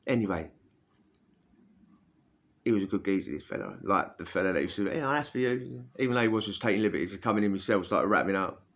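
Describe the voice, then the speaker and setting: A former prisoner tells a story casually, full of slang and frequent "yeah?" check-ins. His voice sits low, he talks quickly but with long pauses, and the sound quality is lo-fi.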